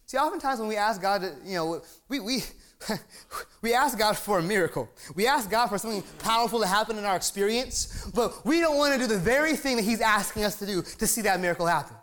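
Excitable high-voiced male preacher. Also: brisk. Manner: excitable, emphatic, asks the crowd for amens; repeats words when fired up. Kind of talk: sermon.

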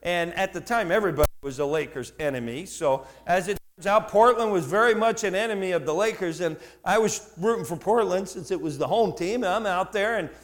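A middle-aged male pastor telling a story in a sermon, asking the congregation questions and shouting for emphasis. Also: sits high, brisk, hardly any pauses. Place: church before a congregation.

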